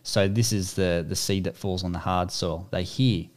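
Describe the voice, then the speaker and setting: Low-voiced man talking through scripture. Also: steady tone, moderate pace. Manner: thoughtful, reads verses aloud, builds points step by step. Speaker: bible study co-host. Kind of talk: casual bible discussion.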